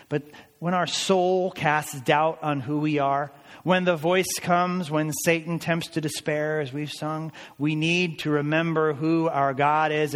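Earnest preacher in a reverberant hall. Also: male voice, on the high side. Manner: earnest, building to emphatic declarations. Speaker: pastor. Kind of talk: sermon.

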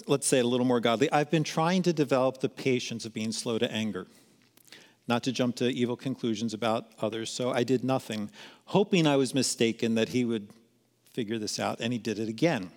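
A man's voice: medium pitch, brisk. Candid man telling stories in a reverberant hall. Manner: candid, self-deprecating storytelling with acted-out asides. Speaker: speaker at a parenting seminar. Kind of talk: sermon-style storytelling talk.

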